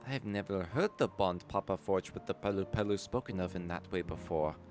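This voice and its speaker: Dude reading an earnest young warrior woman, lowish voice, barely shifted. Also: a little fast, music in the background, lightly acted.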